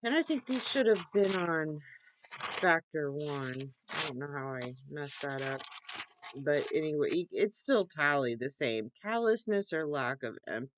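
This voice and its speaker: A woman's voice: lively intonation, unhurried. A young woman vlogging casually from home, chatty and rambling, laughing easily. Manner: baby-talks to her cat in a high voice. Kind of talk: off-the-cuff casual vlog. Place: at home with her computer.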